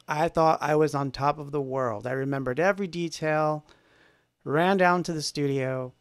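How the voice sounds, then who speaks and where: A man's voice: mid-range voice, no room sound. A man hosting a livestream from his home music studio, telling a rambling story in a casual, self-deprecating way with many fillers.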